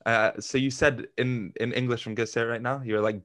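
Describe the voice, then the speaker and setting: A man's voice: medium pitch, steady tone, fast, few pauses, a bit bright. A man hosting a podcast, chatting in a loose, laid-back way with lots of "like". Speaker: podcast host. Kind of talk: casual podcast chat.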